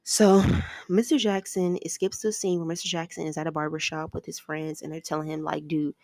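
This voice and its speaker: A woman's voice: sits low, level tone, a little fast, darkish tone, dry recording. A woman casually recapping a movie plot, rambling from scene to scene with lots of "like" and "ends up". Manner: rambling, strings events with "like" and "ends up".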